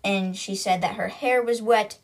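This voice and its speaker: A woman hosts a book podcast and recaps the story in a relaxed, talkative way. Her voice sits at an ordinary middle pitch, and she keeps it conversational and loose, with frequent fillers as she paraphrases. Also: unhurried. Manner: chatty retelling with lots of "like" and paraphrase. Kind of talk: casual chapter recap.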